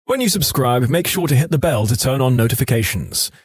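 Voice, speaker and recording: Lively, expressive male story narrator. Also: mid-range voice, fairly quick, husky, no echo, studio quality. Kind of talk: scripted narration of online stories.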